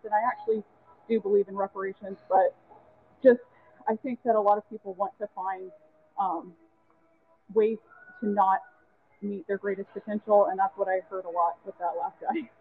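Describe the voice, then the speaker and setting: A woman calls in from the gym over a tinny phone line, slightly out of breath, making a casual comment in an earnest, grateful way. Her voice is medium-pitched, steady, and gravelly, at a moderate pace.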